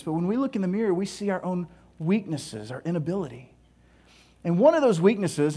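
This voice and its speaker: Man, pastor, sermon, high voice, animated storyteller, self-deprecating humor. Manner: animated, joking storyteller who laughs at himself.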